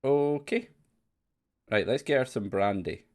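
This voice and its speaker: A man's voice: medium pitch, animated, unhurried. A man playing a classic adventure game and chatting casually as he pokes fun at its voice acting. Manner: chatty, mocking the game's acting. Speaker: let's play streamer. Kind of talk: casual let's play commentary.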